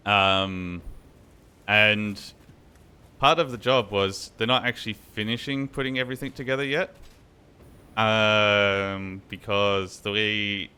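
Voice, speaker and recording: Low, bright-toned guy rambling. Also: clear, resonant tone. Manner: rambling storyteller, swears freely, many fillers. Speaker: streamer. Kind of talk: casual chat while gaming.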